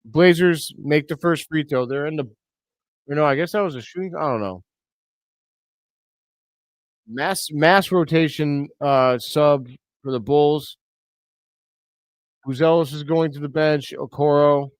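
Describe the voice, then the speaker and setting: A man hosting a live reaction stream, giving blunt, excitable play-by-play commentary with loud outbursts. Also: fairly high pitch, a little slow, pauses often, no echo. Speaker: host of a fan reaction stream.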